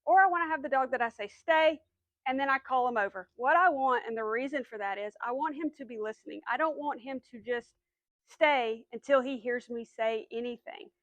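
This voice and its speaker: A woman's voice: high-pitched, fairly quick, dry recording, lo-fi sound. A woman dog trainer patiently explaining commands step by step, then giving the dog short firm cues. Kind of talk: instructional dog training demo.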